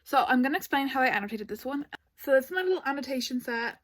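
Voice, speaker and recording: A chatty woman talking through her reading in a casual vlog. Her voice sits a little high, and she gushes one moment and groans in exasperation the next. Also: fast talker, rough recording. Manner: chatty, excitable, gushing and exasperated asides. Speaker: book vlogger.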